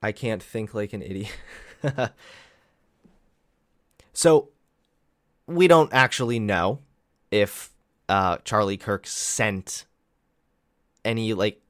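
A man's voice: lowish voice, slow, long pauses, a bit bright, no echo, clean studio sound. A young man casually reacting to clips on a vlog, sarcastic and profane, laughing at his own jokes. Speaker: political commentary vlogger.

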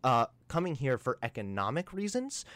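A young man talks in a sarcastic, combative commentary style. His pitch swings widely from low to high, and the recording is dry and close. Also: wildly swooping pitch, normal speed, a bit bright, no room sound. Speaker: commentary streamer. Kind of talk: reaction commentary and phone debate.

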